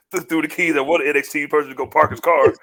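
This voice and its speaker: A man co-hosting a podcast in casual chat. He speaks in a low-key way and laughs a lot. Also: sing-song, fast talker, fairly bright tone. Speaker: podcast co-host. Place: podcast studio.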